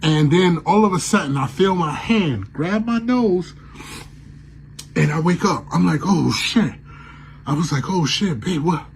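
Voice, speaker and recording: A man's voice: a little high, normal speed, a little hiss or hum, poor audio. Man telling a ghost story. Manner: animated, acts out his own shouted lines. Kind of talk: casual storytelling on a radio show.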